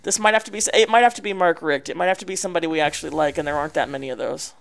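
A man co-hosting a comedy podcast, trading quick jokes and reading out a listener question. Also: on the high side, vocal fry, fairly bright tone. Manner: reads out listener questions, fast quips. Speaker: podcast co-host. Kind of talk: casual comedic chat.

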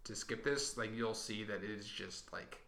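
A man's voice: fairly low pitch, moderate pace, gravelly, sharp tone. A young man co-hosting a casual movie podcast, rambling with many fillers and acting out scenes in goofy voices. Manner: rambling, heavy on "like", acts out scenes in silly voices. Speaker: podcast co-host. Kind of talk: casual movie review chat. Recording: echoey room.

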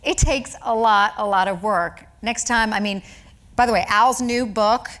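A woman author chatting on stage in front of a live audience, animated and quick to laugh as she tells stories. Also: mid-range voice. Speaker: cookbook author being interviewed. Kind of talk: casual onstage conversation.

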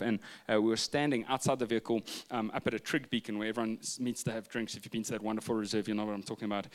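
Guy preaching, jokey storyteller, drops to quiet bits then gets loud again. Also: lowish voice. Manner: humorous storytelling, shifting from loud asides to hushed retelling. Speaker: pastor. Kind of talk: sermon.

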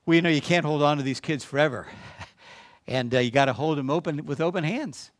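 A man's voice: a little high, a little fast, no echo, studio quality. A man preaching as a guest to a congregation, telling a story and then urging listeners on with emphatic exhortation. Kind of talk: sermon.

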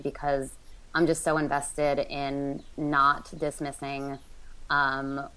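A woman's voice: sits low, poor audio. A woman co-hosting a podcast, talking casually with lots of fillers and restarts. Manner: rambling, filler-heavy. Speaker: podcast co-host. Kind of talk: casual discussion.

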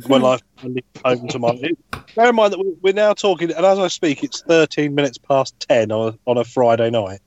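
A man's voice: mid-range voice, expressive, a little fast, darkish tone, slight background noise. A man chatting casually on a podcast from his parked lorry cab, blunt and sweary, over a video call. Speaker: podcast co-host. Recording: dry, muffled call audio.

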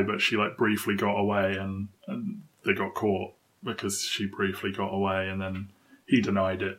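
A man's voice: lowish voice, a bit bright. A man co-hosting a film podcast in casual, chatty talk, laughing often between points. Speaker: podcast co-host.

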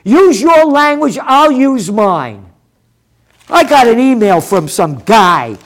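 A man with a notably high voice rants as a show host, swinging his pitch widely as he goes. He is combative and profane, breaking into loud shouts between slower stretches. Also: very animated. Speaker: host of a trend forecasting show. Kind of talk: ranting commentary.

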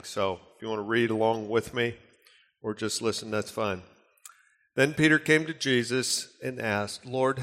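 A man preaching in a church, earnest and conversational, with casual asides as he explains scripture. His voice sits at an ordinary middle pitch, and a long reverb from the hall trails after his words. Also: fairly bright tone. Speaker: pastor. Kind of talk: sermon.

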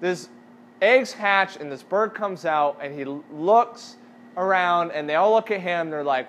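A man's voice: sits high, measured pace, a bit bright, lo-fi sound, a little hiss or hum. A man as youth pastor, giving a casual sermon and asking the audience questions.

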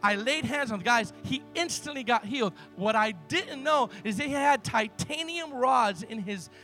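A man preaching a sermon, telling stories emphatically, swinging from loud to hushed. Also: very high-pitched, lively intonation, normal speed, faint music behind.

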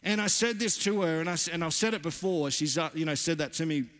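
A man's voice: on the high side, steady tone, fast talker, fairly bright tone. A man in his thirties preaching a sermon as pastor, earnest and emphatic, repeating key phrases. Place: church. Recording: church hall reverb.

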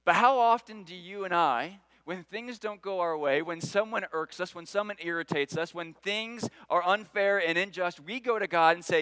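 An earnest man delivers a sermon in a bright, forward voice. He leans on repeated phrases and lifts his voice for prayers. The sound is dry and close. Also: high-pitched, normal speed, hardly any pauses, clean tone, no room sound, low-quality recording. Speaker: pastor.

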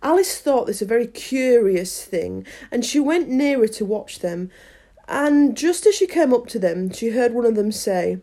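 A woman's voice: a little high, expressive, unhurried, warm tone. A woman reading a children's classic aloud, chatty and self-deprecating between chapters. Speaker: audiobook reader. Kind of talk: chatty intro then storybook reading.

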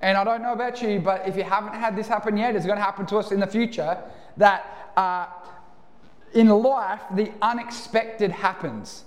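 Australian pastor in an echoey church. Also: male voice, sits high, fairly even intonation, normal speed. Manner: casual and storytelling. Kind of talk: sermon. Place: church hall. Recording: echoey church hall, live.

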